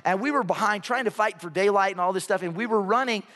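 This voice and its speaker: High-voiced pastor preaching in a hall. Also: male voice, fast. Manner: storytelling, animated, acts out voices. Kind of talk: sermon. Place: church sanctuary. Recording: hall reverb.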